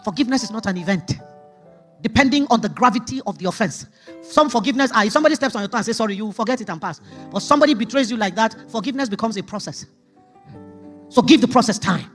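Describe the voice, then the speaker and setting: A woman preaching a sermon testimony, emphatic, jumping from loud outbursts to hushed asides. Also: fairly high pitch, expressive, fast talker, faint music behind.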